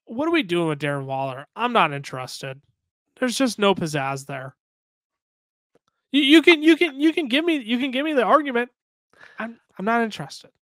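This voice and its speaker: Man, podcast co-host, high voice, brisk, opinionated, dry sound. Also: big pitch swings, fairly bright tone, dry recording. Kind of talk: casual fantasy football chat.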